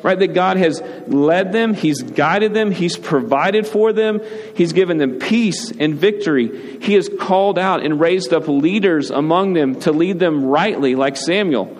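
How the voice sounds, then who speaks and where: An adult man, a father and pastor, gives a conversational sermon in a fairly high voice at a measured pace. He frequently checks in with "right?" and acts out brief quoted lines, recorded in a reverberant hall with faint ambient noise.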